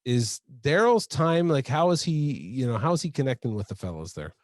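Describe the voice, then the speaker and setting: A man's voice: medium pitch, very animated, moderate pace, darkish tone, no room sound, studio quality. A man hosting a casual chat show, talking in a chatty way with fillers and frequent laughs. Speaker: host.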